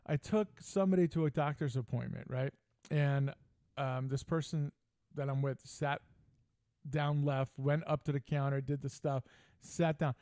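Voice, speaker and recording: A man's voice: on the high side, no room sound. Brash older man telling stories. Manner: animated, brash, joking storyteller. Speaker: podcast host. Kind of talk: casual storytelling chat.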